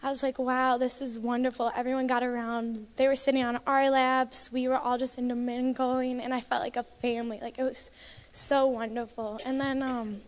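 A woman's voice: high-pitched, level tone, normal speed. A teenage girl giving an emotional church testimony about a mission trip, chatty and full of "like.". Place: church sanctuary. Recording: long reverb of a hall.

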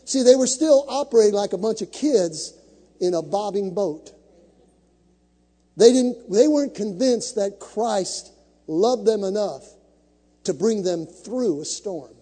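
A man's voice: high voice, lively intonation, unhurried, dark tone, breathy edge, long reverb tail. A male pastor preaching a sermon to a congregation, with dramatic build-ups, acting out the scripture stories he tells.

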